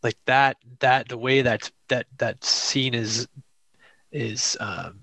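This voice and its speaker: A man co-hosting a casual movie discussion, thoughtful and halting, repeating words as he finds his phrasing. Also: medium pitch, steady tone, bright, forceful tone, no echo, poor audio. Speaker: podcast co-host.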